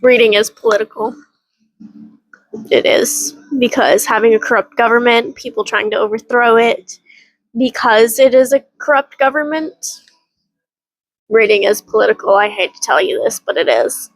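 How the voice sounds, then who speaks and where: A woman's voice: fairly high pitch, moderate pace, dry recording, low-quality recording. A woman giving a casual reading update as a book vlogger, chatty and rambling, with frequent laughs and some swearing.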